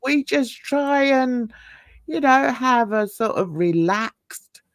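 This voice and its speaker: A woman's voice: high voice, lively intonation, slow, no echo, studio quality. An older woman hosting a casual livestream chat, rambling and laughing often. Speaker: host.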